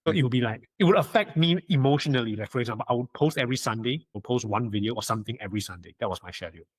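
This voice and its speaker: A young man talks in a relaxed podcast chat, his delivery animated and full of acted-out quotes and stuttered restarts. His voice sits at an ordinary pitch, close to the mic with a dry, dead sound. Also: rapid-fire, husky, dry recording. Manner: animated storyteller, acts out quotes, frequent stammered restarts. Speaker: podcast guest, magician. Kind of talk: casual chat.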